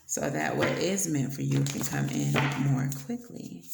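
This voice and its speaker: A woman giving a casual tarot reading, blunt and playful, swearing now and then between soft fillers. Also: deep voice, wildly swooping pitch, a little slow, gravelly, roomy sound, very noisy. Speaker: tarot reader.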